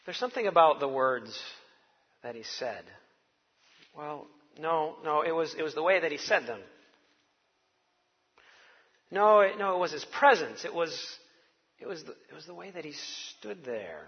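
A man's voice: fairly high pitch, lively intonation, normal speed, slightly rough, dull audio. Man preaching in a reverberant hall. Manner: conversational, wry storytelling to a congregation. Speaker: pastor. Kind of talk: sermon.

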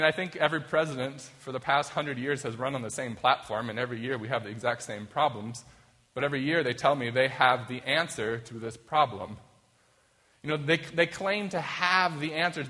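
Bright-voiced man preaching in an echoing hall. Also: fairly high pitch. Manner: conversational, plays quoted voices for effect. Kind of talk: sermon. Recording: long reverb of a hall.

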